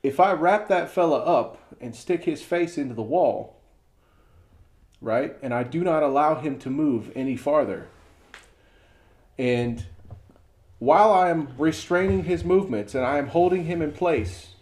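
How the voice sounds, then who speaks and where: A man's voice: a little high, measured pace, pauses often. A middle-aged man co-hosting a casual podcast, telling an example story and acting out the quotes. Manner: storytelling with lively acted-out quotes. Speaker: podcast co-host.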